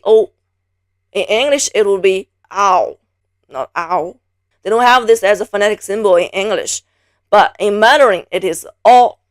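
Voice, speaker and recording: A woman's voice: mid-range voice, no room sound, clean studio sound. A woman from Beijing teaching a Mandarin pronunciation lesson, patiently repeating each sound several times. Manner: patient, drills sounds by repeating them slowly.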